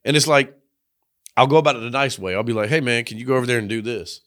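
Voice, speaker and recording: A young adult man co-hosting a podcast, telling crude work stories in a profane, animated way and acting out the quotes. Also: medium pitch, quick pace. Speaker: podcast co-host. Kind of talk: casual crude banter.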